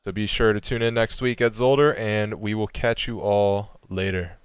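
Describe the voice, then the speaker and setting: A man's voice: on the low side, steady tone, moderate pace, clear, resonant tone, no room sound, dull audio. A man, commentating an online sim race and bantering playfully with co-hosts.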